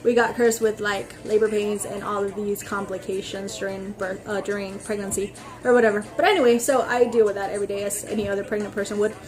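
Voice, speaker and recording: Speaking quickly in a mid-range voice, a young woman vlogs a casual rant straight to her camera. She rambles, peppering her talk with "like" and "freaking," and tells her stories with animation, acting out other people's lines.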